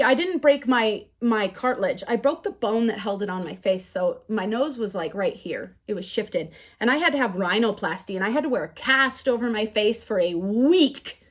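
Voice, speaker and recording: Woman teacher, middle pitch, candid and animated storyteller, class talk. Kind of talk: storytelling lecture.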